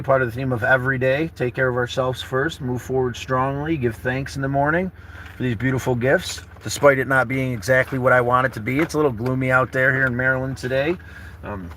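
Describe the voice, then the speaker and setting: A man's voice: medium pitch, noisy background. A man in his thirties chatting casually from inside his camper car, rambling in a laid-back way and calling viewers brother and buddy. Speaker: travel vlogger. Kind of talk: casual morning livestream chat.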